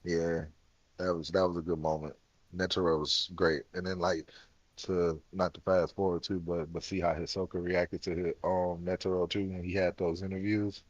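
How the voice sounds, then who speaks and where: A man's voice: low voice, level tone, normal speed, dry recording, dull audio. A man co-hosting a podcast in casual chat, rambling and thinking aloud as he goes. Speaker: podcast co-host.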